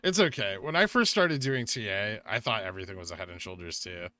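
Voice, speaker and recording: A young man hosting a casual livestream, chatting with viewers, reading out donations and making quick asides. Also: lowish voice, lively intonation, pushed and bright. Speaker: livestream host.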